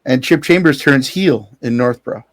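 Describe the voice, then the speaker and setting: A man with a mid-range voice at normal speed co-hosts a podcast, telling the story of a show in relaxed chat with lots of energy, free swearing, and frequent laughter.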